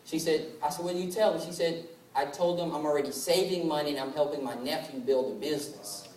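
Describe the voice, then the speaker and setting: A man's voice: on the high side, steady tone, fast talker, a little mellow, slight background noise. A man in his twenties giving a motivational business presentation, telling stories and acting out family dialogue. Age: 20s. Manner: storytelling that acts out family dialogue. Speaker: sales presenter. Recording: echoey hall from far off, faint ambience.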